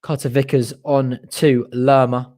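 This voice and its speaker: A young man giving partisan, excitable fan commentary on a live match, cheering his team on and groaning at missed chances. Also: medium pitch, a little slow.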